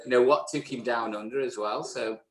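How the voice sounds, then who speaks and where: A man's voice: medium pitch, steady tone, normal speed, crowd noise. A man co-hosting a live barbering show, introducing a guest with lots of hesitations and fillers. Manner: hesitant, filler-heavy, friendly. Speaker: podcast co-host. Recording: roomy echo.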